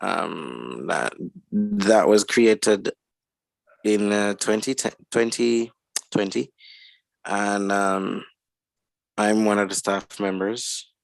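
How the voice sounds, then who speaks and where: A low-voiced man in his twenties with a gravelly edge, talking slowly. He rambles through his story as a podcast guest, in a dry, close sound. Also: dry recording. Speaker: guest musician and producer. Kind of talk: casual podcast interview.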